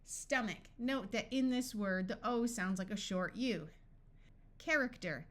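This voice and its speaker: A woman reading a scripted phonics lesson, sounding out words slowly and deliberately. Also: medium pitch, a bit bright. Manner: slow, deliberate word-by-word reading. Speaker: phonics tutor.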